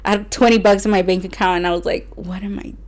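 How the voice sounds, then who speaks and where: A woman's voice: mid-range voice, fairly even intonation, fast talker, a little mellow. Rambling young woman podcast co-host. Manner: rambling, laughs often, many "like" fillers. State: teary at moments. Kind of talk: casual chat.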